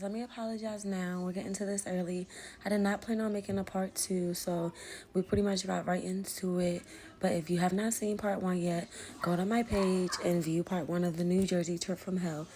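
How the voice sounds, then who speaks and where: A young woman vlogger telling a storytime tale, animated and profane, acting out what others said. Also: on the low side, a little hiss or hum. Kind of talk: storytime vlog.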